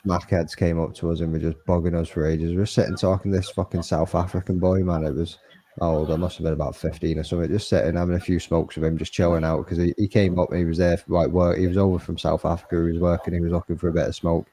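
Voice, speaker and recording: Fast-talking, sweary man. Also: sits low, level tone, mellow, slight background noise. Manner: fast, swearing, laddish banter. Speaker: co-host. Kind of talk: casual chat, storytelling.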